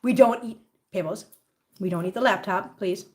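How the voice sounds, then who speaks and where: A woman's voice: medium pitch, normal speed. A woman hosting a casual livestream at home, baby-talking to her cats and chatting with viewers. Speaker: host of a cat-care livestream.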